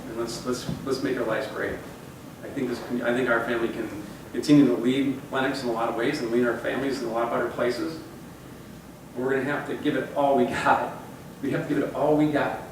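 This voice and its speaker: A man's voice: medium pitch, slight background noise. A man in his forties giving a motivational talk to his company's staff, rambling and conversational, repeating phrases for emphasis. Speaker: company leader addressing staff. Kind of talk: motivational talk with personal stories. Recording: echoey room, voice far from mic.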